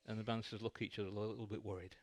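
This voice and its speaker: A man's voice: on the low side, flat delivery, very fast. A man preaching a sermon in a church, telling a light-hearted story.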